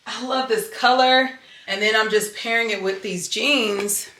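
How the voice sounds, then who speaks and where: A woman talks straight to her viewers in a chatty, animated vlog style. Her voice is bright and forward. The home office around her leaves a noticeable roomy echo. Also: a little high, a little slow. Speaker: fashion and lifestyle vlogger. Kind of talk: casual chat to camera.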